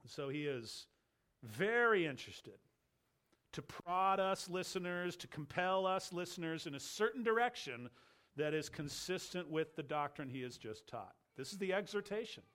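A male pastor delivering an expository sermon in a slightly higher-than-usual voice. He builds his points through repetition and swings between loud urging and quiet, low asides. The delivery stays emphatic and earnest throughout. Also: expressive, normal speed. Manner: builds through repeated phrases.

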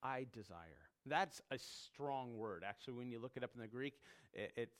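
A man's voice: medium pitch, lively intonation, moderate pace, bright, forceful tone. A man preaching a sermon, emphatic, repeating key words and dropping his voice when quoting scripture. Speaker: pastor.

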